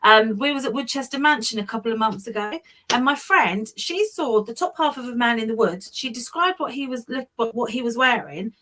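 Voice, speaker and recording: A woman's voice: on the high side, lively intonation, fairly quick, hardly any pauses, sharp tone. A woman from Hemel Hempstead with a Southern English accent, a guest telling stories in a chatty, self-deprecating way. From Hemel Hempstead, England. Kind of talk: casual storytelling chat.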